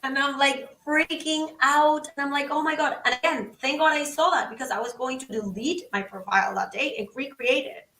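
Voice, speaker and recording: A woman guest on a podcast, telling a story in an animated, excitable way and acting out the quotes. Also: high-pitched, normal speed, few pauses, echoey room, distant mic, rough recording. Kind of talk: casual storytelling.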